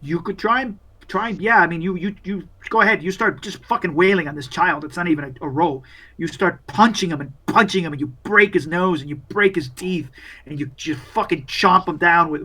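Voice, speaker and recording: A man's voice: high-pitched, a little fast, bright, forceful tone. A young man narrating a horror tabletop game as game master, in a loose, profane, filler-heavy way.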